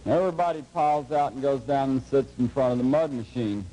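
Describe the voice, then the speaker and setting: A middle-aged man gives a lecture to a class, telling a humorous story in a dry, unhurried, folksy way. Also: medium pitch, mellow, poor audio. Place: lecture hall before a live audience.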